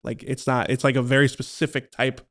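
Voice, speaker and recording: A man's voice: mid-range voice, little pitch movement, a little fast. A man co-hosting a sports podcast in casual chat. He is playful and teasing and laughs often. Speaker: podcast co-host.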